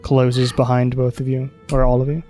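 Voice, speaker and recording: A man running a tabletop game as game master, narrating in an unhurried way with many fillers. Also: medium pitch, monotone, mellow, soft background music.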